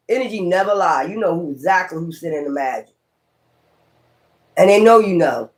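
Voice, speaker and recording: A man's voice: sits high, darkish tone. A man doing a casual tarot reading, talking in a blunt, profane, rambling and preachy way. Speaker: tarot reader.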